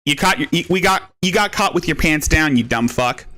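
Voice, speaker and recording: A stream host with a fairly high, sharp, animated voice talks a little fast. His live stream is a mocking rant, profane and taunting, with the same jabs repeated.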